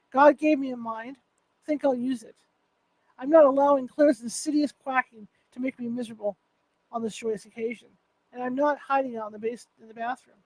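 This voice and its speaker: A woman's voice: a little high, a little mellow, dry recording, rough recording. A woman reading a first-person novel aloud, unpolished, with restarts and self-corrections. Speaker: author reading her novel.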